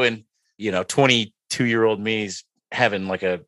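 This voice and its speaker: A man's voice: on the low side, normal speed, dry recording. A young man co-hosting a casual sports podcast, telling a long self-mocking story with lots of fillers. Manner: rambling, self-mocking, animated when quoting. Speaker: podcast co-host.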